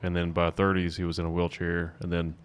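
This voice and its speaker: Co-host, man, very deep voice, laid-back interviewer. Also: a little fast, clear, resonant tone. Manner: relaxed, short agreeing replies. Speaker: podcast co-host. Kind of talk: casual chat.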